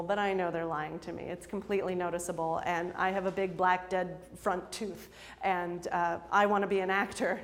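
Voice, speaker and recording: A woman in her twenties telling a personal story to an audience, chatty and self-deprecating, laughing often between many fillers. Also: medium pitch. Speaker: storyteller and improv performer. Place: lecture hall. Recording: long hall reverb.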